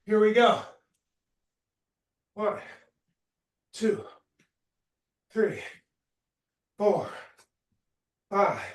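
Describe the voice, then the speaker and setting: A man's voice: high-pitched, recorded from a distance. A man leading a workout class as fitness instructor, giving short cues and counting reps aloud, at times out of breath. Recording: roomy echo.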